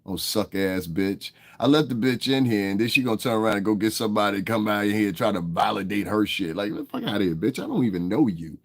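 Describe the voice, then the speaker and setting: A man's voice: on the low side, lively intonation, fast, few pauses. A man hosting a livestream, talking straight to his chat in a profane, confrontational rant. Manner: profane and confrontational, heated tirade at viewers. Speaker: livestream host. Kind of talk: live-stream commentary, talking to chat.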